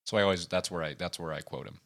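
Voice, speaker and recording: Low bright-voiced young man chatting. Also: fast. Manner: rambling, animated, lots of restarts and laughs. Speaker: podcast co-host. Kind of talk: casual chat.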